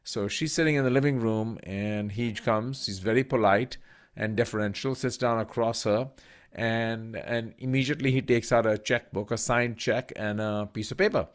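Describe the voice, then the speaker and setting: A man's voice: mid-range voice, fairly even intonation, normal speed. A middle-aged man from India telling a personal story in a talk as a professor and author. He tells it vividly, acts out the voices he quotes and leans on plenty of fillers. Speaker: business school professor and author.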